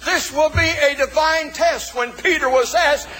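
A male pastor preaching a sermon in a folksy way, calling out to the congregation and shouting for emphasis. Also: very high-pitched, measured pace, faint music behind. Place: church. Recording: long reverb of a church hall.

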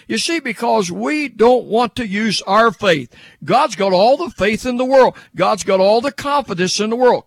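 A man's voice: high-pitched, a bit bright, no echo. An older man preaching a fervent radio broadcast sermon, addressing listeners as "sir" and building repeated "yes" refrains.

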